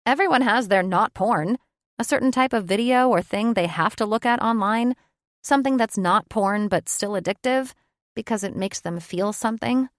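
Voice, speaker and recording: A woman's voice: fairly high pitch, moderate pace, dry recording. A woman reads a first-person audiobook in a reflective, conversational way, close to the mic. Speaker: audiobook narrator.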